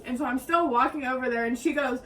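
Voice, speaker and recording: A young woman, telling a story in a lively, casual way and acting out what others said. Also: high voice, fast. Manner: animated, acts out quotes in raised voices. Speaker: co-host. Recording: mic at a distance, faint background hiss.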